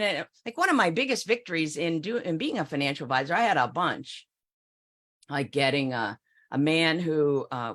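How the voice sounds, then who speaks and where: Lively, emphatic woman financial advisor. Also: low-pitched. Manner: emphatic, addresses listeners directly with rhetorical questions. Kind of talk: speaking to an audience, storytelling.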